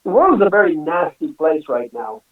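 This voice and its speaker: A talkative man with a high voice, who tells his stories in a loose, easy way and laughs between them. He is heard remotely over a thin, phone-like line. The sound is distant and echoey. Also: very animated, a little fast. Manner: chatty storyteller, laughs often, many "you know"s. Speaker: singer and guest. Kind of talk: casual interview chat.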